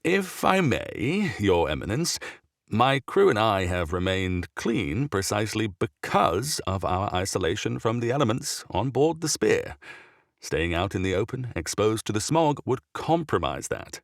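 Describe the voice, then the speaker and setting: Earnest male crew leader, formal and measured, raised a little above a low narrating voice, as the male narrator puts him on. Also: big pitch swings, dry recording, clean studio sound. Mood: respectful, concerned.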